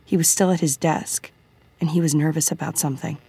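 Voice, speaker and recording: Low-voiced woman narrating an audiobook. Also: fairly even intonation, a little fast, creaky, warm tone, slightly rough.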